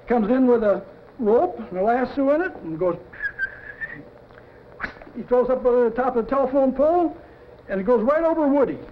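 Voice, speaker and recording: A high-voiced, middle-aged man pitches a cartoon storyboard and energetically acts out every sound effect, with lively intonation, a moderate pace, and frequent pauses. The audio is dull lo-fi 1950s TV sound with a faint hiss beneath it.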